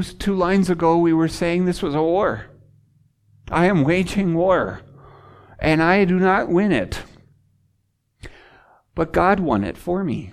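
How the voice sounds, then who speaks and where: A pastor delivering a sermon at a mid-range pitch, preaching with real drama. The voice rises to urgent, exclaiming peaks and then sinks to hushed, almost whispered lines. It often slips into the first person to speak as a weary, struggling sinner.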